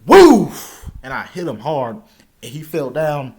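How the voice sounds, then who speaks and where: A young man casually telling a personal story, stammering now and then and shouting out the lines he quotes. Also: mid-range voice, moderate pace.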